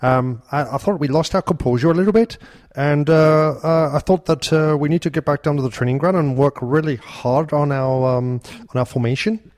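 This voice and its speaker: An earnest Irish football manager sums up a poor match, as a man puts him on. He speaks in a measured, halting way, full of small pauses. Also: a little high, a little mellow, close to an everyday voice.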